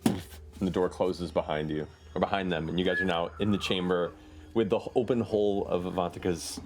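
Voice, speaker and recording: A man's voice: deep voice, background noise. A man narrating a tabletop game as game master, describing scenes and calling for rolls. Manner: lively, animated narration with quick asides.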